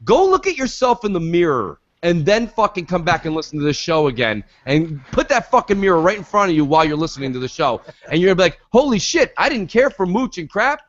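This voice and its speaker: A man co-hosting a gaming podcast, ranting loudly in profane casual chat, heard through dull lo-fi audio. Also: fairly high pitch, big pitch swings, fast, few pauses. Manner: loud, ranting, swears a lot. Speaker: podcast co-host.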